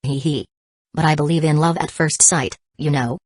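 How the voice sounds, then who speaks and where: A woman voicing a playful, teasing teenage girl with a weak heart, soft and a little breathless. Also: low voice, fairly even intonation, normal speed, breathy edge, no room sound, clean studio sound.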